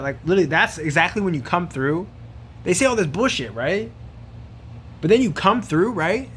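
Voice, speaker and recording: A man vlogging a loose, profanity-laced rant, circling back on himself with slang and filler. His voice sits a little high for a man, and a faint hum of ambient noise sits under it. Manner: rambling, profane, slangy, says bro a lot. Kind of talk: casual rant to camera.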